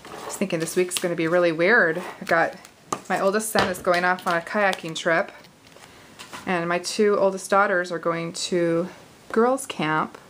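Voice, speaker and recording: A friendly woman in her forties hosts a casual card-making tutorial, talking as she works, thinking aloud, and laughing lightly and easily. Her voice is lowish with a fairly bright tone, and the audio is poor, with slight hiss behind her.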